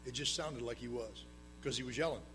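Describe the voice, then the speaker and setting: A man telling his own recovery story to a live audience at a meeting, plain-spoken with dry humor, swinging between loud emphatic bursts and low hushed asides. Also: a little fast, background noise.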